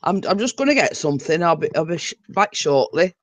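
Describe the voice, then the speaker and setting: A woman's voice: lowish voice, big pitch swings, brisk. A woman co-hosting a live stream over a call, casual and easygoing in her banter. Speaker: co-host on a call. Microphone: call audio.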